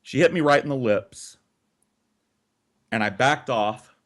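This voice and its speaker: A man's voice: medium pitch, slow pace. A man co-hosting a podcast, telling a long story in a casual, profane way with lots of swearing. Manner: profane, animated, swears often.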